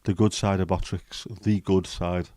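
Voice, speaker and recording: A man hosting a relaxed livestream, rambling between jokes and greetings to viewers. His voice sits very low with a dark, mellow tone. He talks in a flat, even line. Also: normal speed, no room sound, studio quality. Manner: rambling, jokey, chatting to viewers. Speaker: livestream host. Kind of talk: casual livestream chat.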